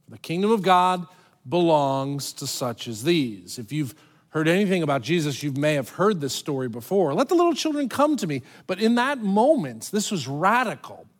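A male pastor giving a sermon in an animated, conversational way, with dramatic pauses and quoted voices. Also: on the high side.

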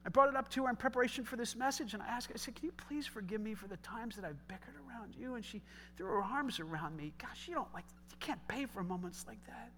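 A middle-aged male pastor preaching a sermon, animated, moving between loud exhortation and soft, conversational storytelling with joking asides. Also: high voice, fast talker.

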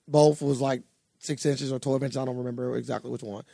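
A young man co-hosting a casual podcast, telling a story in an animated, profane way. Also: mid-range voice, a little fast, gravelly, no echo, studio quality. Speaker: podcast co-host. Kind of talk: casual chat.

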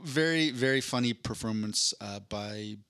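A man's voice: medium pitch, unhurried, pushed and bright, dry recording, studio quality. A young man co-hosting a podcast, chatting casually in a rambling, joking way with many stumbles and restarts. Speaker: podcast co-host. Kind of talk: casual comedic chat.

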